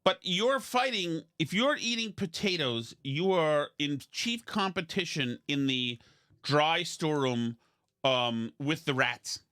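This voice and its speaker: Man, podcast host, bright tense voice, dry close sound, rambling self-mocking chat. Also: fairly high pitch, animated, takes it slowly, no room sound. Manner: rambling, self-deprecating, with many restarts. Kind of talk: casual comedic chat.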